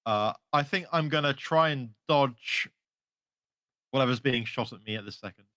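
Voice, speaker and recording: A man's voice: medium pitch, moderate pace, pushed and bright, no echo, clean studio sound. A man playing a tabletop game, hesitant and asking questions about the rules. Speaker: player.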